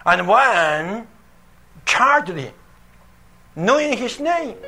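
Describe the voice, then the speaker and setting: A man preaching a sermon, telling a Bible story slowly and emphatically, with dramatic swings in his delivery. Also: very high-pitched, expressive, music in the background.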